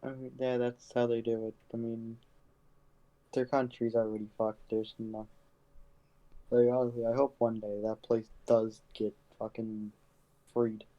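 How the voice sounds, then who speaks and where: A young man co-hosts a casual podcast. His voice sits at an ordinary, mid-range pitch. He talks bluntly and with strong opinions, in loose, slangy speech. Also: level tone, a little slow, long pauses, mellow, dull audio. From Canada. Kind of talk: casual chat.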